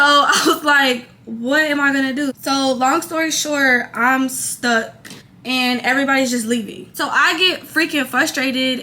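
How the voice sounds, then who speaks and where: A young woman vlogger telling a casual storytime, animated and quoting others as she goes. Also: high-pitched, a little hiss or hum. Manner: animated storytelling, quoting people in her own voice.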